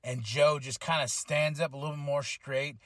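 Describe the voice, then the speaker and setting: With a slightly high male voice, this wrestling podcast host rambles eagerly through a casual recap, repeatedly restarting and filling gaps with ums. He talks at a normal speed, and the audio is dry and close, with no room around it.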